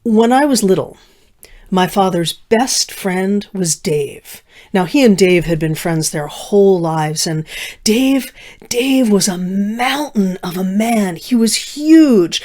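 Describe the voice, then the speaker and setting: A middle-aged woman storyteller telling a personal story, slowing down with dramatic pauses and dropping to soft, hushed asides. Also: mid-range voice, animated. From United States. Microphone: video recording.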